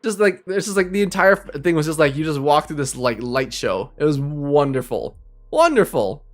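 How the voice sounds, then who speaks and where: A man's voice: on the high side, expressive, moderate pace. A man chatting casually and rambling with viewers on a live stream, laughing often. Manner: rambling, giggly, talks to viewers.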